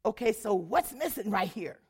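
A woman's voice: mid-range voice, expressive, normal speed, darkish tone, slightly rough. A woman giving a church testimony, telling her story animatedly, acting out the dialogue and laughing often.

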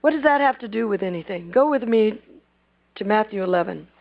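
A woman preaching a sermon, retelling Bible scenes and acting out their lines, swinging between loud bursts and hushed asides. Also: mid-range voice, lively intonation, fairly quick, creaky. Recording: dull lo-fi recording.

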